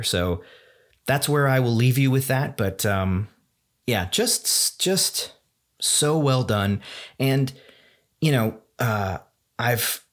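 A man with a lowish voice hosts a solo podcast from a room at home. He rambles with eager enthusiasm, leaning on fillers and starting sentences over and over. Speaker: podcast host.

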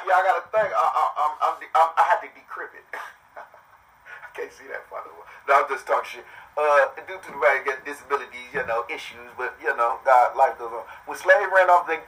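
A man's voice: fairly high pitch, bright, forceful tone, distant mic, low-quality recording. A man hosting his own podcast, talking live in a loose, profane, joking way that drifts from topic to topic. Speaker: podcast host. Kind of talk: rambling live monologue.

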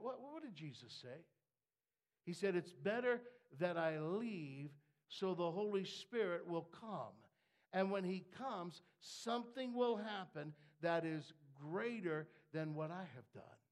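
A man preaching a sermon, dropping to hushed asides and then rising to shouted, fervent declarations. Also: high voice, lively intonation, a little slow.

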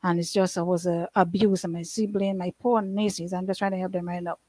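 A woman's voice: on the low side, flat delivery, brisk, mellow, rough recording. A middle-aged woman telling her life story in an earnest, rambling way, with many restarts and loose grammar. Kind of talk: emotional personal testimony.

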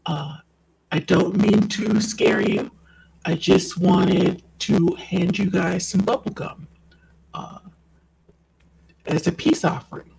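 A man playing a hesitant adventurer who tries to calm a stranger. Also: high-pitched, slow pace, gravelly, long pauses, a little hiss or hum, voice pushed up, full character voice, low-quality recording. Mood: placating. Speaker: player.

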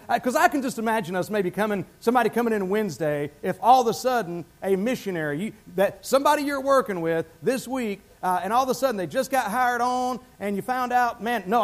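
A man's voice: high voice, expressive, quick pace, few pauses. A male pastor preaching a sermon in a church, talking conversationally and asking the congregation questions.

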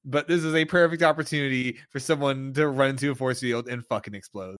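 A man's voice: medium pitch, fast, fairly bright tone, no room sound, clean studio sound. A man co-hosting a podcast, giving emphatic opinions and swearing for emphasis. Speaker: podcast co-host. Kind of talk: casual chat.

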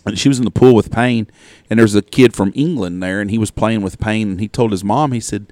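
A man's voice: lowish voice, quick pace, a little mellow, no echo. A man co-hosting a hunting podcast, telling blunt, profane stories in casual chat. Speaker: podcast co-host.

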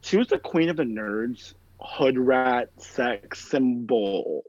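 A man's voice: mid-range voice, animated, slow, darkish tone, no room sound. A man in casual chat, telling stories in a rambling way, heavy on fillers and swearing. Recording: dull lo-fi sound, dry room.

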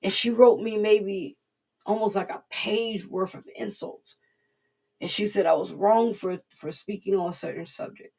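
A woman's voice: mid-range voice, steady tone, a little slow, gravelly, darkish tone, husky. A woman giving an informal devotional sermon in an earnest, repetitive, conversational way. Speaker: preacher.

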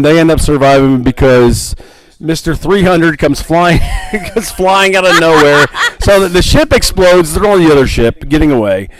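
A man's voice: fairly high pitch, poor audio. A man co-hosting a casual movie podcast, joking around and dropping into silly voices. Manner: animated, jokey, slips into silly voices. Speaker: podcast co-host. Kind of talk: casual movie review chat.

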